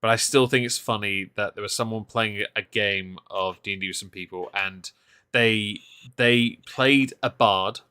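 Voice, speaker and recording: A man co-hosting a casual podcast chat, sarcastic and quick to laugh. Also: on the low side, sharp tone, clear, resonant tone, dry recording. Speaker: podcast co-host.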